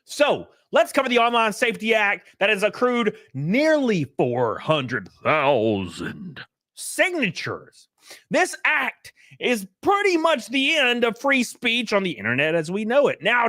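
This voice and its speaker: A man hosting his livestream in casual chat, loud and joking, who breaks into sudden yelps of excitement. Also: high-pitched, no echo, clean studio sound. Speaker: streamer host.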